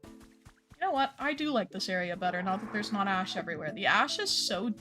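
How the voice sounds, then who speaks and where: A woman's voice: medium pitch, lively intonation, a little fast. A woman streaming a video game, chatting casually with her viewers and leaning on filler words as she talks. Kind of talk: casual gameplay chat with chat. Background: game music.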